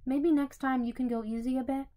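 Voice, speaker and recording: A middle-aged king and father with a mild, concerned way of speaking, from a fanfiction audiobook, read by a woman. His lines come out gentle and fairly high. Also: steady tone, fairly quick, lightly acted.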